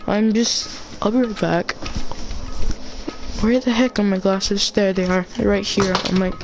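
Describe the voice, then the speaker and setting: A woman's voice: mid-range voice, steady tone, measured pace, a little mellow, slight background noise. Woman stumbling through game lines. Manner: stumbling, restarts words while reading. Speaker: let's player. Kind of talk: reading game dialogue aloud.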